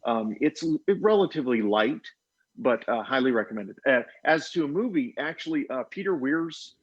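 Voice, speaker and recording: A man on an authors' panel speaking over a video call, soft-spoken and hesitant, with many fillers. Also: medium pitch, expressive, moderate pace, slightly rough. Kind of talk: casual panel discussion. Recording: dull, muffled video-call audio.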